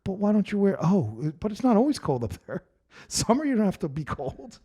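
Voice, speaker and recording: Animated man hosting a swearing comedy podcast. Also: high voice, a little fast, breathy edge. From Brooklyn, New York. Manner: animated, swears freely, frequent restarts. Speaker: podcast host. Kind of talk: casual comedic chat.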